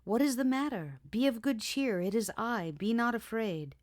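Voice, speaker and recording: A woman reading an audiobook, voicing a cheerful, gentle male shepherd who speaks reassuringly. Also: on the low side, a little slow, vocal fry. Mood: cheering.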